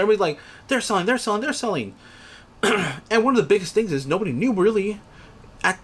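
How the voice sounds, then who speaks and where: A man's voice: high-pitched, breathy edge. A middle-aged man explaining a market sell-off in a rambling, casual way, full of fillers and restarts, acting out the traders he quotes. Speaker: reseller channel host.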